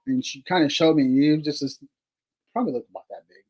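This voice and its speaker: Husky man telling a rambling story. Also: a little high, fairly quick, low-quality recording. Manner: rambling, with many fillers and casual swearing; laughs between remarks. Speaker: paranormal investigator guest. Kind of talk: casual storytelling.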